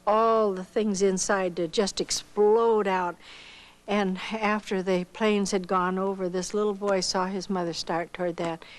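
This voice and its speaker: An older woman from Iowa, United States, a missionary, gives spoken testimony about her own life in a mid-range voice. She tells it as a story, acting out others' lines with lively voices, though the audio quality is poor.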